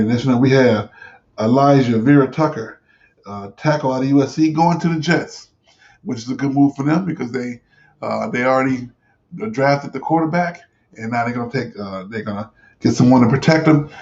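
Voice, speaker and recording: A man hosting a casual sports talk show, his voice gravelly with a mid-range pitch. He rambles through his points with frequent fillers and restarts. The recording sounds dull and lo-fi. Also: normal speed, darkish tone.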